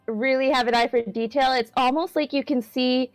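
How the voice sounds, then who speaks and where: A woman's voice: sits high, steady tone, normal speed, no room sound, faint music behind, low-quality recording. A woman playing a tabletop game, describing her character with lots of fillers and hedges. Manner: rambling with many fillers and hedges. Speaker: player.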